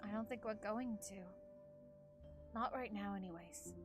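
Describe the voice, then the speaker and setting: A woman's voice: medium pitch, unhurried, over music. A woman playing in a tabletop game, talking in character in a soothing, reassuring way. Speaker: player. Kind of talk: in-character role-play.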